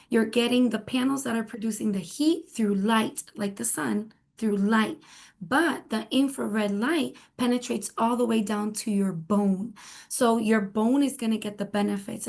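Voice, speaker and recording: A woman's voice: on the high side, creaky, a little mellow. Woman doctor explaining with repetition. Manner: explains with repetition and everyday comparisons. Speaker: wellness clinic doctor, guest. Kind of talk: interview answers.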